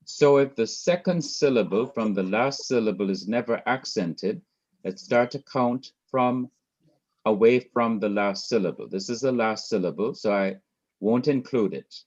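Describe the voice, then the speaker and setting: A man's voice: on the low side, a little mellow, highs cut off. A man from Jamaica teaching a Hebrew class online, explaining patiently and repeating his points.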